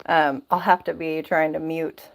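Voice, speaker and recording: Woman streamer, low-ish voice, rambling casual chat, laughs a lot, phone or laptop mic. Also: flat delivery, moderate pace, gravelly, poor audio. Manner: chatty, rambling, laughs often. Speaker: livestream host.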